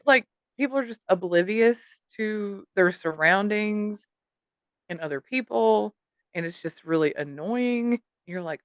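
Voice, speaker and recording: A woman's voice: mid-range voice, measured pace, dry recording, studio quality. A woman co-hosting a podcast, telling a story in casual chat, swearing and mimicking the people she quotes. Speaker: podcast co-host.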